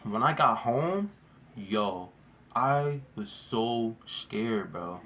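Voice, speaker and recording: A man's voice: medium pitch, expressive, drawn-out words, pushed and bright, a little hiss or hum. A man casually telling a storytime vlog, rambling and slangy, full of "like" and "bro". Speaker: vlogger.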